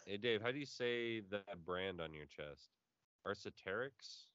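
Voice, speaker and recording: A man's voice: lowish voice, animated, a little slow, a bit bright, clear, resonant tone, no echo, muffled recording. A man co-hosting a podcast, teasing his friends playfully and swearing casually. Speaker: podcast co-host. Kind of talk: casual chat.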